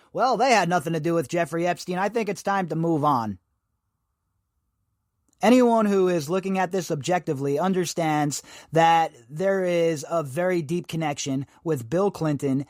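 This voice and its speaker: A man with a fairly high voice hosts a podcast and gives opinionated commentary, emphatic and sarcastic and heavy on rhetorical questions. The sound is dry and clean, as in a studio.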